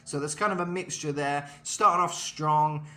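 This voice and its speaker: A man's voice: on the high side, moderate pace, sharp tone. A man giving a casual vocal lesson in a chatty way, full of fillers and asides. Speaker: vocal coach.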